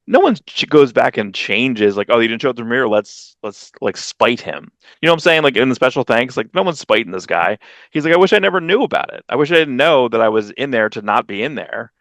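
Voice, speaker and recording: A man co-hosting a comics podcast in casual chat, rambling through stories and acting out quotes with sudden leaps in pitch. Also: lively intonation, a little fast, a bit bright, no room sound. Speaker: podcast co-host.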